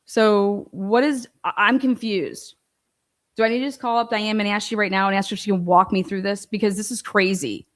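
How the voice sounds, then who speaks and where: A woman's voice: medium pitch, moderate pace. A woman host giving heated, profane commentary on a court ruling, exasperated and ranting in outbursts of disbelief. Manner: animated, rising into outbursts of disbelief. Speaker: show host and legal commentator.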